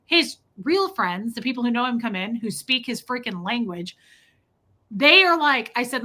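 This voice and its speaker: Young woman, co-host, casual livestream chat, gushing storyteller, bright tense tone, slightly high voice. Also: lively intonation, normal speed, low-quality recording.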